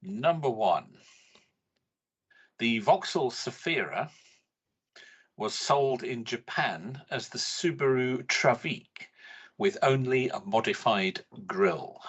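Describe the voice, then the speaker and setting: Male co-host, husky voice, animated pitch, dry teasing delivery. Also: takes it slowly, long pauses, lo-fi sound. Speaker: podcast co-host, quiz setter. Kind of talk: casual chat.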